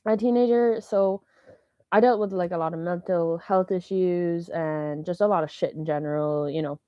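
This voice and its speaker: A woman in her early twenties hosting a casual solo podcast, rambling and excitable and slipping into meme voices. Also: on the low side, moderate pace, no room sound. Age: 20s. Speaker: podcast host. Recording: dull lo-fi dry sound.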